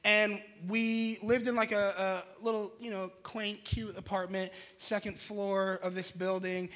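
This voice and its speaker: A young man, a pastor, telling a lively, jokey story to an audience and acting out his own shouts. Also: high-pitched, a little slow.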